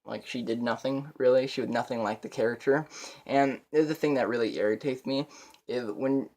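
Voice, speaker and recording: A man's voice: medium pitch, steady tone, normal speed, a little mellow. A young man giving a casual movie review, rambling and profane, with laughs between his points.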